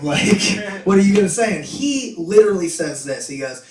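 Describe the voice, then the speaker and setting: A young man works through a stand-up set, self-deprecating and chuckling at his own lines. His voice sits a little high and reaches the mic from a distance. The small club around him sounds echoey and roomy. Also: lively intonation, normal speed, few pauses, darkish tone. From Boston. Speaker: stand-up comedian. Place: small comedy club stage. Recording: echoey club, far mic, some noise.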